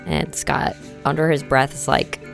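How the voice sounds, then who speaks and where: A woman playing in a comedic tabletop game with a deadpan delivery. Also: very deep voice, measured pace, vocal fry, music in the background. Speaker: player.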